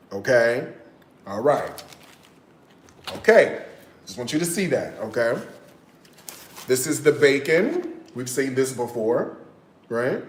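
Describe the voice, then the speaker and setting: A man chatting casually on a cooking livestream, drawling and checking in with "okay?" and "y'all" as he shows off his groceries. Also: mid-range voice. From United States. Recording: echoey room.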